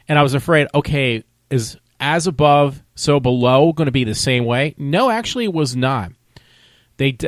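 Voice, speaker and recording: A man's voice: mid-range voice, a bit bright, no room sound, clean studio sound. A man vlogging a casual movie review, talking in a rambling, loose, conversational way.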